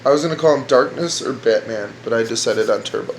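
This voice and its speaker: A man trying out crude stand-up jokes at home, rambling, restarting lines and laughing at his own punchlines in a dark room. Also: medium pitch, fast, a little hiss or hum. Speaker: amateur comedian trying out jokes. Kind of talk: casual joke-telling at home.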